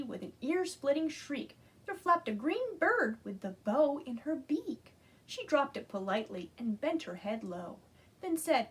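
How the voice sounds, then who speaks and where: Librarian woman reading storytime aloud, slow and animated, slightly husky. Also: on the high side. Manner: animated, asks children to join in. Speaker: children's librarian. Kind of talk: reading a picture book aloud.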